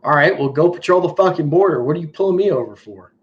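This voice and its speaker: Over muffled stream audio, this US livestream host chats casually and tells blunt, profane stories. He speaks quickly and expressively, his pitch fairly high.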